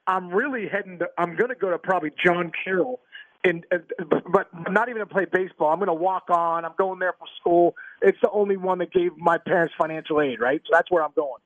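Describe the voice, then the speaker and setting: A man telling stories as an interview guest, animated and stammering through restarts, laughing as he goes. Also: sits high, brisk, no room sound. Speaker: guest, former pro ballplayer. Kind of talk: casual storytelling interview. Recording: tinny phone-line sound, dry.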